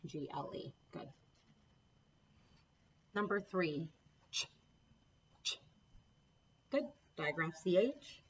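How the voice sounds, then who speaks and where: A woman with a fairly low, very animated voice teaches a recorded phonics lesson to children from a home classroom setup with a board, patiently and encouragingly spelling out letter sounds one by one. She speaks slowly and pauses often; the highs are cut off, with a little hiss or hum.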